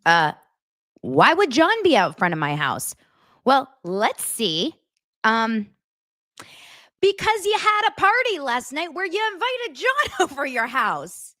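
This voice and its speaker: A woman hosting a casual true-crime commentary, talking fast with a sarcastic, incredulous edge. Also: sits high, very animated, bright, forceful tone, no room sound, studio quality. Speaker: commentary host.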